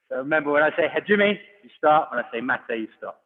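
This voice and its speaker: A judo coach leads a children's online exercise class, calling out commands and encouraging the kids in a high-ish, expressive voice, talking fast. The audio sounds phone-like with a long hall reverb and crowd noise.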